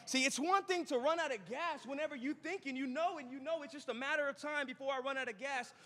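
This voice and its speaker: Male pastor, high tenor, joking storyteller, long hall echo. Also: pushed and bright. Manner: chatty and joking, quick asides to the crowd. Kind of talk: sermon with a storytelling opening. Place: church auditorium.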